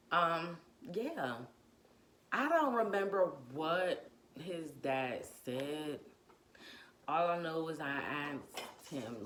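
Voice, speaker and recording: A young woman chats through a storytime, animated and full of slang, acting out voices as she goes. Her voice sits low but rings bright and sharp. A faint hiss runs under the recording. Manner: animated, slangy, acts out quotes, laughs often. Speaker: vlogger telling a birth story. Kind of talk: casual storytime chat.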